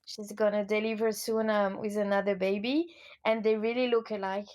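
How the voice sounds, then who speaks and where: A woman's voice: mid-range voice, level tone, normal speed, darkish tone, slight background noise. French-accented woman, upbeat guest. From France. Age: 30s. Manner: earnest, upbeat, with frequent um fillers. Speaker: guest, educational kinesiology coach. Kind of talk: casual interview conversation.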